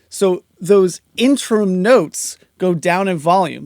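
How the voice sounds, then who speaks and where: This instructor's voice sits high with a darkish tone; he's unhurried yet barely pauses. He talks through each compression setting in a casual, step-by-step screen-recorded lesson, captured in clean studio sound with no echo.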